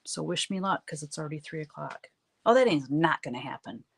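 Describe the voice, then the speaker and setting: A woman with a low, deep speaking voice chats casually with her live viewers while she paints. She tells stories in a loose, chatty way and laughs often. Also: brisk, gravelly, husky. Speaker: artist hosting a live stream. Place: home art studio, standing at work.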